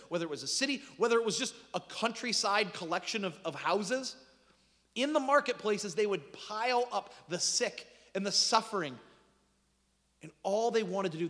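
A man preaching a sermon in an animated storytelling manner, with dramatic swings in pitch and loudness. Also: long reverb tail. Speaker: pastor.

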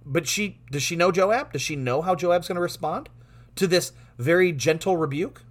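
A man teaching through a Bible passage in a lively way, laughing often and restarting his words. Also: a little high, normal speed.

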